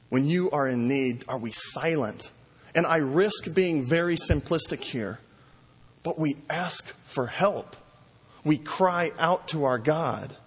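Male pastor, husky voice, sermon delivery with storytelling, church hall reverb. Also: on the high side. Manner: storytelling preacher, varies pace, acts out cries. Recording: long reverb in a large hall.

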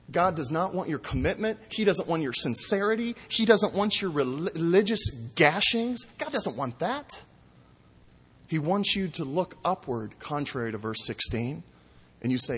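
A man preaching a sermon with an emphatic, mocking delivery that swings between loud exclamations and hushed asides. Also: on the high side, lively intonation, normal speed, slightly rough, big-room sound. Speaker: pastor.

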